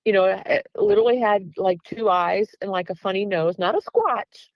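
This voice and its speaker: A woman's voice: mid-range voice, normal speed, no echo, low-quality recording. A woman, a guest researcher, casually telling a story in an interview and acting out the back-and-forth dialogue, with plenty of "um" and "like". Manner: chatty, with frequent "um" and "like".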